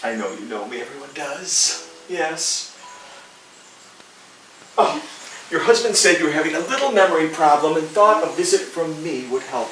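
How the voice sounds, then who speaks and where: A man's voice: a little high, expressive, normal speed, long pauses, fairly bright tone, a little hiss or hum, pitched above the performer's own voice. A man putting on Gilderoy Lockhart, pompous wizard. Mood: smug. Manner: pompous, self-satisfied. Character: vain, boastful male celebrity wizard author. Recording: roomy home recording, distant mic, music behind.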